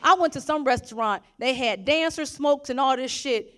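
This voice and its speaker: Woman comedian, stand-up set, profane animated storytelling, fairly high voice. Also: normal speed.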